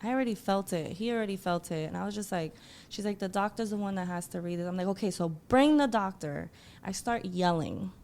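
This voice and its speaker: A woman guest telling an emotional personal story, acting out what people said with lively quoted voices. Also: quick pace, hardly any pauses. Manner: animated, acts out quotes in a higher voice.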